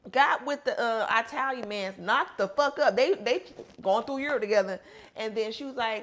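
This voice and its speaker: A woman's voice: on the high side, normal speed. A woman co-hosting a podcast, retelling a story in gossipy casual chat and acting out the quotes. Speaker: podcast co-host.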